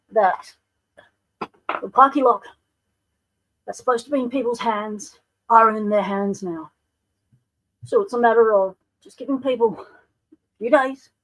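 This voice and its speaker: A woman's voice: mid-range voice, rough recording. A woman with an Australian accent hosting a casual livestream, chatting and greeting viewers by name. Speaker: livestream host.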